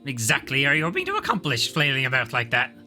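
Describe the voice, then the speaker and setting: A man's voice: medium pitch, wildly swooping pitch, quick pace, sharp tone, faint music behind, exaggerated voice. Dry, sardonic witch with a needling edge, a man reading her lines. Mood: teasing.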